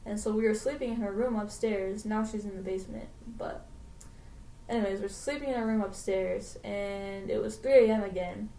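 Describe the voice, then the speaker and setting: Young woman co-host, slangy and profane, mid-pitched, off-mic in an echoey room. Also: normal speed, gravelly, warm tone, recorded from a distance, a little hiss or hum. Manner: slangy, swears freely, laughs at her own story. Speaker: podcast co-host. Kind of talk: casual storytelling chat. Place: home podcast room. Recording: roomy echo, mic set back.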